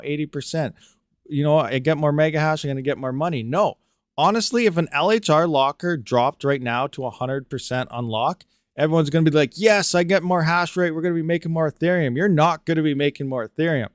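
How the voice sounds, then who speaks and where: A man's voice: on the high side, clean tone, no echo, clean studio sound. A man hosting a casual live-stream Q&A on crypto mining, reading chat questions aloud and rambling with frequent "you know"s.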